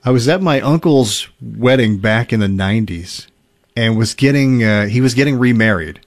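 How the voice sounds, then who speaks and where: Casual male host reading listener stories aloud, easygoing with chuckles, mid-pitched voice. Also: moderate pace. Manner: relaxed storytelling with fillers and chuckles.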